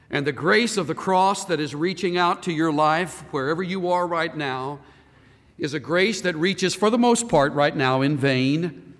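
Animated male pastor preaching a sermon. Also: a little high, long reverb tail. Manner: animated preaching, rhetorical questions.

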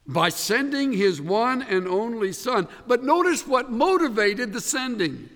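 Male pastor preaching, high voice, long reverb of a big hall, emphatic, voice sinks quiet at the end of phrases. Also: very animated, a little slow, few pauses. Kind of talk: sermon.

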